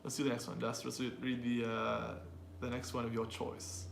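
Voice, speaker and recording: A man's voice: medium pitch, monotone, normal speed, gravelly. Male pronunciation coach, conversational, talks to learners, echoey room with faint noise. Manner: thinks aloud with fillers and restarts, addresses learners directly. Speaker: pronunciation teacher. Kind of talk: casual teaching chat.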